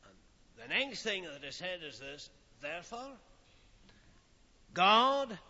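A man preaching a sermon in a slow, solemn manner, with dramatic pauses and phrases that fall away softly. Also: on the high side, very animated, breathy edge. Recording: old lo-fi recording in a reverberant hall.

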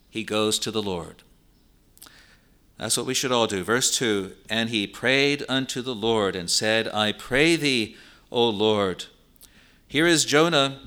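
In a mid-range voice with a bright, forceful tone, a man preaches a sermon. He explains a Bible passage slowly and earnestly, driving his points home through emphatic repetition.

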